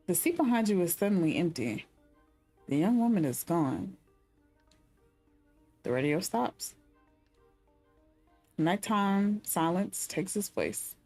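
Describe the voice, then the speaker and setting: A woman's voice: on the low side, lively intonation, slow, long pauses, darkish tone, soft background music. Chatty young woman streaming a game. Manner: chatty, speculative asides between read-out narration. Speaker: gaming streamer. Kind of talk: reading game text and chatting during a playthrough.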